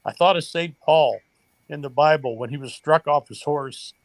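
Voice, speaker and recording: A man's voice: on the high side, normal speed, no room sound. Earnest older man telling a story. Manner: emotional, earnest storytelling with quoted dialogue. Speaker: guest, retired baseball coach. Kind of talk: storytelling in a podcast interview.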